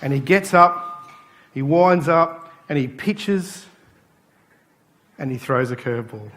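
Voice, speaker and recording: A man's voice: fairly high pitch, slow. A man preaching a sermon in a church, telling stories and acting out the people in them. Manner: animated storytelling, acting out quoted voices. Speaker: pastor.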